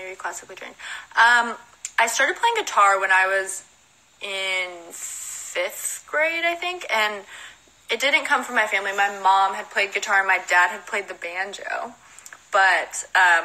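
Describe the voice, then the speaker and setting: A young woman with a Southern American accent chats casually into her phone during a livestream Q&A. Her voice is bright and clear, at an average pitch. She reads each question aloud, then answers in a loose, giggly way. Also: poor audio. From Southern United States. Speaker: model and musician answering fan questions.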